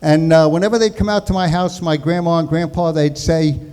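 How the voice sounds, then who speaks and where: A man's voice: fairly high pitch, fairly quick, darkish tone, clean tone. A man in his sixties from New York telling jokes and stories in a chatty stand-up tribute set. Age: 60s. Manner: jokey, chatty storytelling. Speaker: comedian.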